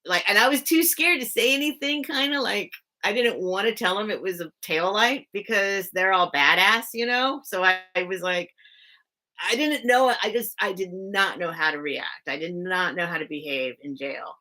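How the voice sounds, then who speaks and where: Her mid-range voice has a sharp tone and moves at normal speed. While running a live sale stream, she chats casually about a personal story, greeting viewers by name and dropping "like" fillers throughout.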